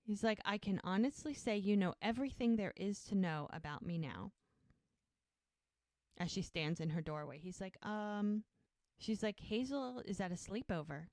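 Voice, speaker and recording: A woman's voice: mid-range voice, normal speed, a little mellow, no room sound. A woman co-hosting a podcast, casually retelling TV scenes and quoting the characters' lines. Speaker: podcast co-host recapping episodes. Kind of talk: casual recap chat.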